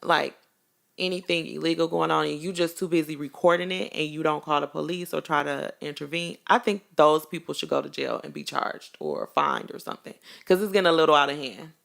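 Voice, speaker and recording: A woman's voice: deep voice, fairly even intonation, a little fast, vocal fry, fairly bright tone. A woman co-hosting a casual podcast, blunt and opinionated, talking in slangy everyday speech. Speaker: podcast co-host. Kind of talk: casual chat.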